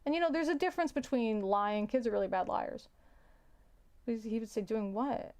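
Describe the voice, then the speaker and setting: A young adult woman, a teacher, telling a story in a casual, halting way, often repeating words and sighing. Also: fairly high pitch, expressive, a little mellow.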